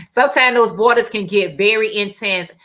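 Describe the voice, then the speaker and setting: A woman's voice: medium pitch, unhurried, sharp tone. A woman hosting a casual craft livestream, chatting and reading out viewer comments with frequent laughs and repeated phrases. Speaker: livestream host.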